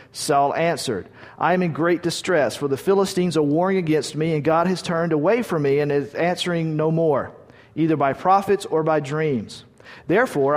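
A man delivers a sermon, reading scripture aloud and retelling it in plain, conversational words. His voice sits a little high for a man. It rings out in a hall with a long reverb tail. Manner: conversational, retells stories with restarts. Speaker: preacher.

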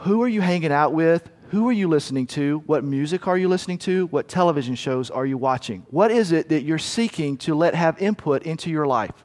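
A man's voice: fairly high pitch, expressive, a little fast, few pauses, a little mellow. A male pastor preaching a sermon in an earnest, storytelling way, often restarting his phrases, in a church hall.

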